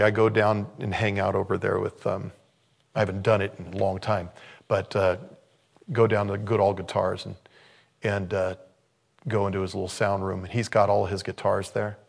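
A man in his sixties, a pastor giving an informal sermon, who swings between loud exclamations and hushed tones. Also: lowish voice, little pitch movement, moderate pace, gravelly. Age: 60s.

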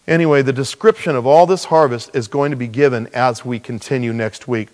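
Male pastor, sermon, lively rhetorical delivery, mid-range voice, long hall reverb. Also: a little fast. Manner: animated preaching with rhetorical questions and sudden pitch jumps.

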